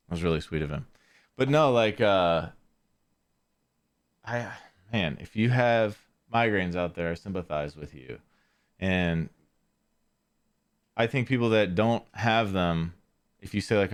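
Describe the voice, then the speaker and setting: A man's voice: deep voice, normal speed, clean tone. A man hosting a podcast, telling a story in a casual, rambling way with lots of fillers and restarts. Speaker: podcast host.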